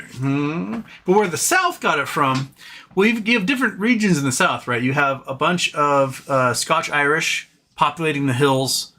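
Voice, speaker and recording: Guy live streaming, talks fast, lots of uhs and restarts, bright sharp tone. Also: medium pitch. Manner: fast talker with many fillers and restarts. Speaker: livestream host. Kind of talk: casual live-stream chat.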